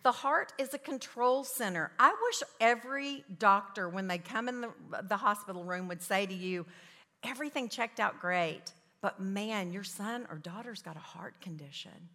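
A woman's voice: mid-range voice, animated, moderate pace, bright, forceful tone. Woman, 50s, Christian parenting talk, chatty storytelling, long echoing hall reverb. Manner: chatty storytelling with self-mocking asides. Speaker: parenting class teacher speaking to parents.

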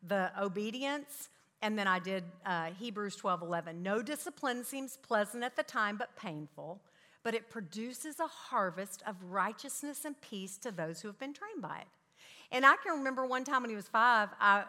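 A middle-aged woman speaking to an audience, telling family stories in an animated way and acting out her children's lines. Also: on the high side. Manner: animated, acts out her kids' voices. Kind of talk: storytelling talk to an audience. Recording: long hall reverb.

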